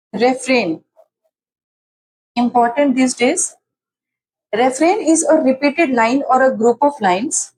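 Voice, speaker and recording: A woman's voice: on the high side, a little mellow, rough recording. A woman teaching literary terms in an exam-prep lecture, restating each definition several times with fillers and restarts. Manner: explains by repeating definitions.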